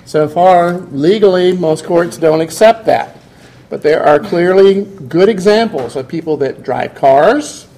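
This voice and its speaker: A man's voice: fairly high pitch, a little slow, warm tone. A man giving a classroom lecture, explaining step by step and putting questions to his students.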